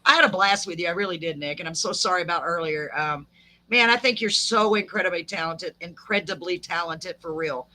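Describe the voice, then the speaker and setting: A woman's voice: on the low side, brisk, sharp tone. A woman hosting a live podcast, chatting and laughing with a guest and tossing in folksy sayings. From Texas. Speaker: podcast host. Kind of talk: casual live chat with a guest.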